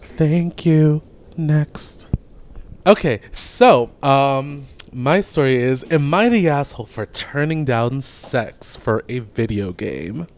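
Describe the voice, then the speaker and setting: A man co-hosting a podcast, reading a forum post aloud in a plain, steady way. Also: medium pitch, slow pace. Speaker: podcast co-host.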